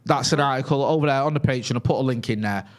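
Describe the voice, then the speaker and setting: A young man co-hosts a relaxed live fan stream at a mid-range pitch. He tells stories easily and keeps checking in with "right?". His voice sits right in the middle, neither high nor low. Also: rapid-fire. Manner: chatty storyteller, tags lines with "right?". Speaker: co-host of a fan channel. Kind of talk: casual live-stream chat.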